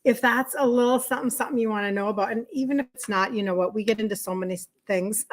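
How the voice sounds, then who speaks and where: A middle-aged woman with a Minnesota accent hosts a relaxed livestream. She talks to her viewers in a chatty way, greets them by name, and laughs often. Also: fairly high pitch, fast. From Minnesota, USA. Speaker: health coach hosting a livestream. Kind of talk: casual livestream chat with viewers.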